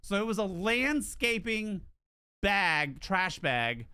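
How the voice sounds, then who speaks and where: A game streamer tells stories casually while playing, animated, with his pitch swinging up and down. His voice is bright, a little high, slow, and clean, and he swears freely, restarting and repeating words as he trips over them.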